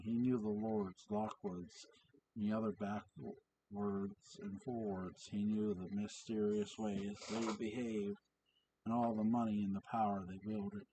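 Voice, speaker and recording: A man reads a story aloud, slow and halting, stopping to fix his slips. His voice is low. It is picked up from a distance with a faint hiss. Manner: halting, corrects own slips. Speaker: reader. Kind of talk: reading fan fiction aloud.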